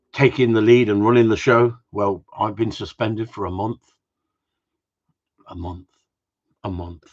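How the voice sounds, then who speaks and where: A man hosting a live Q&A, bantering and teasing his viewers in a rambling, joking way. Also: lowish voice. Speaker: host of a live gundog Q&A stream. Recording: dull lo-fi livestream audio.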